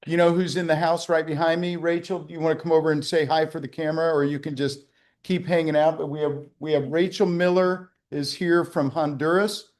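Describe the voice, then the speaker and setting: A man's voice: a little high, level tone, a little fast, a little mellow. A man hosting a casual virtual wine tasting on a video call, rambling and joking with fillers and restarts. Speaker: winery executive hosting a tasting. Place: winery.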